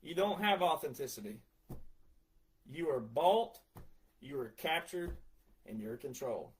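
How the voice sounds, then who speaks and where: Ranting high-voiced man in his forties. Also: lively intonation, measured pace, poor audio. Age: 40s. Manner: ranting, sarcastic, mocks others in put-on voices. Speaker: retired veteran ranting about country music. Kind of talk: heated monologue video.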